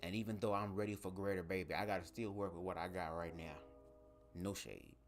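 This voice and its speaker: A man hosting a casual livestream, talking straight to his viewers in an animated, profane way from a home setup at his microphone. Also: deep voice, a little fast, faint music behind. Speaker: livestream host. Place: home setup, speaking to camera. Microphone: desk microphone.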